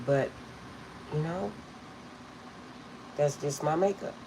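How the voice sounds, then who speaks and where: A woman's voice: low-pitched, slow pace, background noise. A middle-aged woman reading tarot, telling rambling stories to her viewers and laughing often. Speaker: tarot reader. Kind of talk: casual storytelling to viewers.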